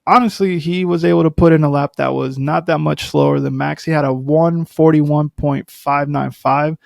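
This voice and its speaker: A man hosts a solo podcast in a loose, rambling way, full of fillers and side remarks. His voice sits a bit high with a gravelly edge. The sound is dry and close, with no room around it. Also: steady tone, moderate pace, a little mellow, dry recording. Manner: chatty, rambling, lots of fillers and asides. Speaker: podcast host. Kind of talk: casual solo commentary.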